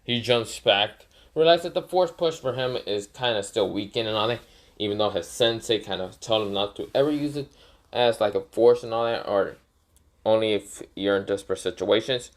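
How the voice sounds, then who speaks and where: A man's voice: on the low side, moderate pace. A man casually narrating an improvised fan story, rambling with many fillers and self-corrections.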